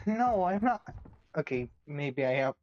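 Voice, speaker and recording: A woman's voice: low-pitched, very animated, slow, darkish tone, highs cut off, slight background noise. A woman chatting casually on a game stream, rambling with lots of restarts and giggles. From another country. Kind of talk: casual chat.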